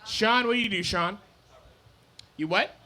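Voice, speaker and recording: A man's voice: high-pitched, measured pace. A drunk young man doing a rambling, apologetic stand-up set on a comedy club stage. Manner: rambling, apologetic, loose and loud.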